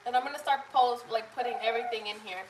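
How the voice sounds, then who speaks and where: A woman's voice: on the high side, fairly even intonation, fast, heavy background noise. A woman livestreaming from her living room, chatting casually and rambling with lots of fillers. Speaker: vlogger doing a livestream. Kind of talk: casual live chat with viewers.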